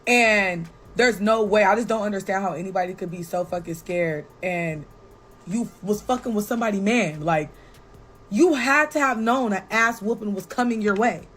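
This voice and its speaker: A woman's voice: mid-range voice, moderate pace, rough recording. Blunt, profane young woman telling a story. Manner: blunt, profane and animated, with frequent "like" and "right?". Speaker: podcast guest telling a personal story. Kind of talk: casual storytelling.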